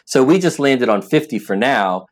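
A man's voice: mid-range voice, animated, normal speed. A man being interviewed as an app founder, talking earnestly and with emphasis, often repeating words as he starts a thought. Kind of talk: interview conversation.

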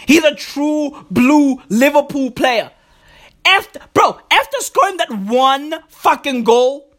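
A man tears through a profane comedic rant in a high voice that leaps wildly up and down. He stretches his words out slowly, loud and excitable, repeating himself for effect. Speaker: comedic ranter.

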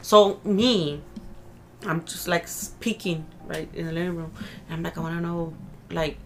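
A woman's voice: lowish voice, fairly even intonation, a little slow, slight background noise. A woman co-hosting a podcast from Mexico, telling a story in casual chat and mixing English and Spanish with swearing. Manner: code-switches between English and Spanish, swears freely. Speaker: podcast co-host.

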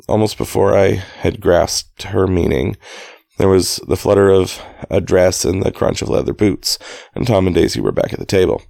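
A man's voice: low-pitched, normal speed, vocal fry, a little mellow, no echo. A man reading a novel aloud in a casual, amateur way, often stopping to restart and correct himself. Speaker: reader.

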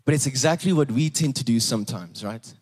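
A man's voice: medium pitch, brisk, a little mellow, breathy edge. A young man with a South African English accent, preaching a sermon in a conversational way, often restarting and checking in with "right?".

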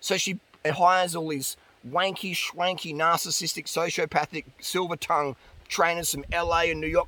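A man's voice: a little high, flat delivery, normal speed, bright, forceful tone. A man ranting bluntly and profanely about dieting as a vlogger. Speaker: diet and fitness vlogger. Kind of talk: ranting monologue.

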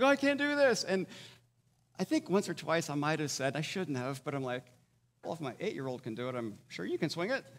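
A man's voice: a little high, a bit bright. A man giving a conversational sermon as a pastor, often checking in with his listeners. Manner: conversational, checks in with "all right?" and "okay?". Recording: long hall reverb.

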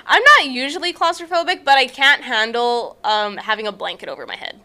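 A young woman co-hosting a podcast, chatting in an animated, bubbly way with lots of laughter. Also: fairly high pitch, fairly quick. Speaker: podcast co-host. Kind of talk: casual chat.

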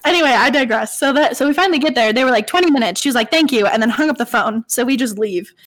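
A woman's voice: fairly high pitch, fast. A young woman casually telling a story on a podcast, full of "I was like" quotes and fillers. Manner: animated, quotes people with "I was like", frequent fillers. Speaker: podcast co-host.

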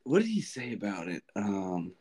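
A man's voice: on the low side, wildly swooping pitch, moderate pace, dark tone, slightly rough. A young man co-hosting a podcast, chatting casually and rambling with lots of laughs and fillers. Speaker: podcast co-host. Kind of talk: casual chat.

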